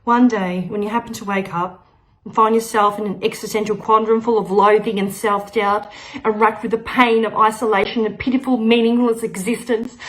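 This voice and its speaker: A woman giving a comic spoken-word performance, rambling through an absurd story with frequent laughs, loud shouts and quiet muttered asides. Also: a little high. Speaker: open-mic performer.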